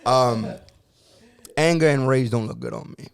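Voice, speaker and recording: A man's voice: mid-range voice, a little slow, clear, resonant tone. A young man hosting a podcast, talking about anger and healing in an intense, emotional way and often repeating himself. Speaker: podcast host. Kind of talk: emotional casual talk.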